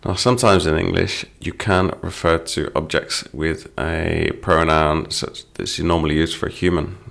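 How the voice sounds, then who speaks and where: Middle-aged male teacher, very low creaky voice, patient explainer of lyrics. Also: steady tone, moderate pace, a bit bright. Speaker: English teacher. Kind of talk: explaining song lyrics to learners.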